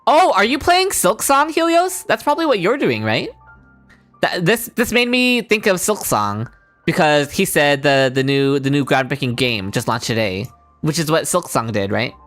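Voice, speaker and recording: A woman's voice: deep voice, sing-song, normal speed, a bit bright, soft background music. A woman streaming a game, chatting casually and answering her chat.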